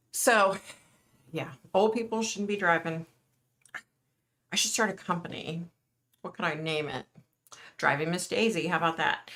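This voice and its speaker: A middle-aged woman chats casually on a livestream, talking to her viewers in an earnest way and answering their comments as she goes. Her voice sits a little low but has a bright, forward edge. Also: slight background noise. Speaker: livestream host.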